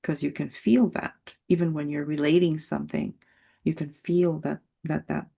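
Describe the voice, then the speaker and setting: A woman in her sixties telling a personal story on a video call, animated and laughing often as she acts out voices. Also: low voice, moderate pace, vocal fry, husky. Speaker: study group member.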